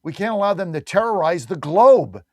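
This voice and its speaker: A man's voice: high-pitched, animated, moderate pace, a little mellow, dry recording. A man hosting a talk radio show, delivering an emphatic, combative monologue with lots of repetition.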